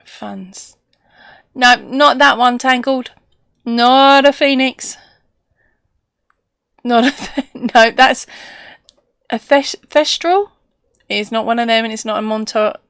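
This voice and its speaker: Slow-talking woman hosting a live stream. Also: fairly high pitch, creaky, a bit bright, clear, resonant tone, no room sound, clean studio sound. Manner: chatty, laughs often, muses aloud. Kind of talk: casual live-stream chat reading viewer comments.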